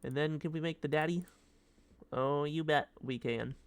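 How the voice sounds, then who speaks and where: A man's voice: moderate pace, smooth, no echo. Goofy young man narrating his gameplay. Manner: silly, rambling, bursts into high yelps. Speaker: gaming streamer. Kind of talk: casual gameplay commentary.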